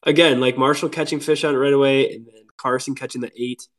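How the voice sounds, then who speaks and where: Minnesota guy on a podcast, animated storyteller, laughs a lot, says like constantly. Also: mid-range voice, fast. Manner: animated, laughing, lots of "like" fillers. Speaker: podcast guest, lure builder. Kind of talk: casual storytelling chat.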